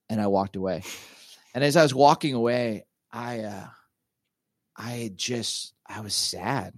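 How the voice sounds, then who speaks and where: His mid-range voice recorded dry and at studio quality, a middle-aged pastor and author relates a story in a casual interview. He's animated yet halting, often restarting and using lots of fillers.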